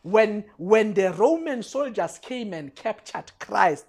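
Preacher, male, high voice, emphatic and repetitive, sermon delivery straight to the pews. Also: very animated, slow. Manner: addresses the congregation directly.

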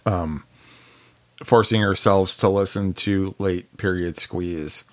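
A man co-hosting a podcast, chatting casually about music, laid-back and quick to laugh, with lots of filler words. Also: sits low. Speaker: podcast co-host.

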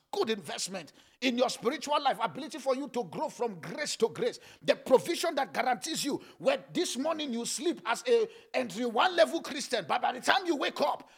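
A middle-aged man preaching a sermon in a very high, bright voice that crackles with gravel and a husky edge. He preaches fervently, lifts into sung chanting and prays in tongues. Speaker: pastor. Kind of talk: sermon with prayer.

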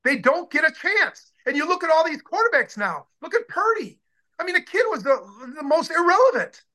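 A man in his sixties, a former football player, telling stories in a casual interview with excited, rambling talk and many restarts. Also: very high-pitched, fairly quick.

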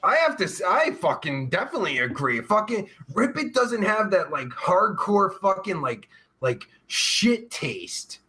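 A man hosting a live stream and reading out chat messages, rambling and crude, full of swearing and filler words, with drawn-out groans of pleasure. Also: high-pitched, very animated, sharp tone.

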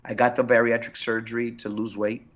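A middle-aged man, a pastor, recounts his own story in a candid, unscripted interview. He talks in an animated, emphatic way and repeats short phrases for weight. His voice sits at an ordinary middle pitch for a man. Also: a little fast. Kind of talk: candid interview, personal testimony.

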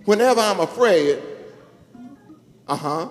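Preacher, man, high lively voice swooping into sung shouts, recorded in a reverberant church with music behind. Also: measured pace. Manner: call-and-response preaching, building to sung shouts. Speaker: bishop preaching. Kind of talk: sermon. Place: church sanctuary. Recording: echoey church hall with music.

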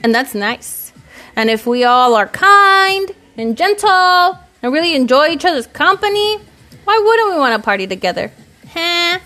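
A woman's voice: high voice, sing-song, moderate pace, pushed and bright. A woman talking to camera in a casual, rambling vlog monologue, candid and profane, reflecting on herself. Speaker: vlogger. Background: faint music.

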